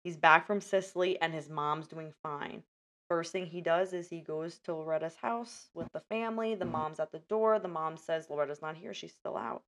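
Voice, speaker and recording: This woman hosts a casual podcast chat, recapping a film scene by scene and acting out the characters' lines as an animated storyteller. Her voice is low and her pace moderate.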